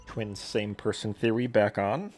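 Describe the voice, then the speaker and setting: A man's voice: on the low side, steady tone, unhurried, darkish tone, faint music behind. A man streaming a video game, making dry, joking asides at the story. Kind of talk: let's-play commentary.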